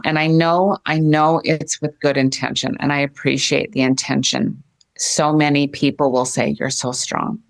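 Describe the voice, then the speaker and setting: A middle-aged woman with a very deep, low voice talks earnestly in an interview. She speaks gently and circles back to repeat her phrases. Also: gravelly. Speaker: guest. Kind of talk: heartfelt interview talk.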